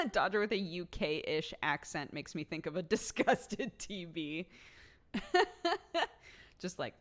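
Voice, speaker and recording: A chatty American woman streaming and talking casually with her viewers. Her voice sits low for a woman, and she laughs often and fills her talk with "like.". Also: expressive, measured pace. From United States.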